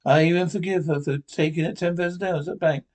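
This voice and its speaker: An actor playing an anxious, earnest middle-aged husband in a 1950s radio drama. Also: male voice, on the high side, steady tone, fast talker, natural voice. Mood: relieved. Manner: earnest, rattled.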